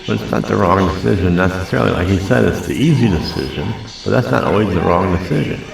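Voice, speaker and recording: Low gravelly guy rambling through a reaction video, heavy echo, mic kinda far off. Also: expressive, quick pace, music in the background. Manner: rambling, self-deprecating, repeats himself. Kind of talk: casual reaction commentary. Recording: very echoey room, mic at a distance.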